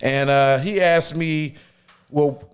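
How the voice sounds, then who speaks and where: Dude on a podcast, slangy aave, kinda high voice, gets loud acting out his story. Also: slow pace, clear, resonant tone. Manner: animated storyteller, acts out quotes loudly; slangy, gives shout-outs. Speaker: podcast co-host. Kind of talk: casual chat and storytelling.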